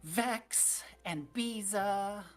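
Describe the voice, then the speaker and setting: A woman voicing a curious, excitable girl of about twelve in a tabletop game, chirpy and full of questions. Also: medium pitch, extremely slow, faint music behind, voice pushed up. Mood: chatty. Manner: chirpy, questioning, turns eerie.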